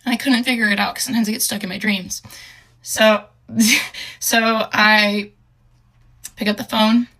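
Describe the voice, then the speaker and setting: A young woman telling a personal story in a halting, hesitant way, with many fillers and restarts, earnest and emotional. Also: mid-range voice, fairly even intonation, bright, forceful tone.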